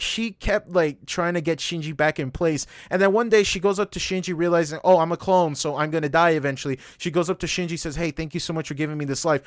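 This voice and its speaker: Rambling, excitable man on a podcast. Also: no echo, clean studio sound. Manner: rambling, profane, lots of "like" fillers; excitable, voice jumps high when reenacting reactions. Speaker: podcast co-host. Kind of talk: casual podcast chat.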